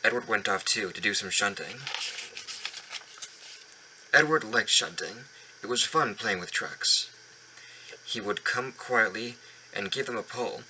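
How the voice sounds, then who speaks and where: A man reads a children's story aloud, stumbling now and then and going back over words. His voice sits fairly low but comes across bright and crisp, recorded at home. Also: unhurried, pauses often, slight background noise, rough recording. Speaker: reader of a children's book. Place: home basement.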